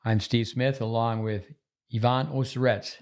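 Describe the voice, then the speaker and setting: A man's voice: mid-range voice, steady tone, a little slow. A man hosting a casual tennis podcast from a resort, chatty and rambling. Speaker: podcast host.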